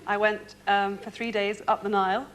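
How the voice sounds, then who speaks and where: A woman's voice: mid-range voice, little pitch movement, normal speed, fairly bright tone, a little hiss or hum. A woman from Nottingham, a game show contestant, chatting in a giggly, rambling way. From Nottingham, England.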